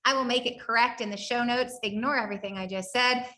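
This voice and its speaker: A woman's voice: fairly high pitch, fairly even intonation, a little fast, few pauses, bright, forceful tone, reverberant. A woman with a Southern accent hosting a podcast interview, effusive and casual, often saying "y'all". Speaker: podcast host.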